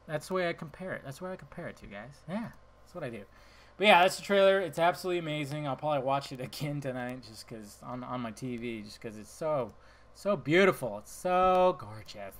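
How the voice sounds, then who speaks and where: A man hosting a casual solo podcast, talking bluntly and excitably, swearing freely and swinging between loud outbursts and mumbled asides. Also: a little high, a little fast. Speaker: podcast host.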